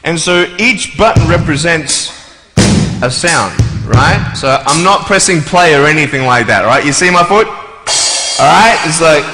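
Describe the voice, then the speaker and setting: Loud music plays behind a man with a fairly high, animated voice who speaks a little slowly as he gives a comic motivational talk to a live crowd. The large, echoey hall gives long reverb and faint ambience, while he jokes around and mimics voices and sounds.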